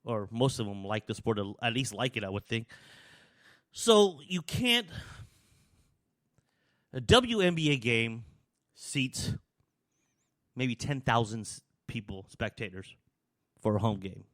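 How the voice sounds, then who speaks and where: A man hosts his own talk show, speaking in a loose, rambling monologue full of restarts and asides. His voice sits at an ordinary middle pitch, and he sounds a little out of breath as he goes. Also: very animated, slow pace, long pauses, a bit bright. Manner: rambling, conversational, frequent restarts. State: slightly out of breath. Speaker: podcast host. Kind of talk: casual opinion monologue.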